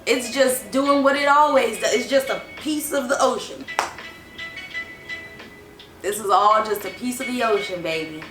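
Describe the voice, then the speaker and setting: A woman hosting a casual spiritual reading, talking in an animated, slangy way and laughing often. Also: on the high side, unhurried, pauses often, echoey room, music in the background, poor audio.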